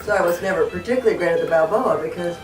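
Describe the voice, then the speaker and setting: A woman, a daughter, telling an animated story about her mother, laughing as she goes. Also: fairly low pitch, racing. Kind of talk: storytelling in a family interview. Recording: roomy, distant mic, music behind.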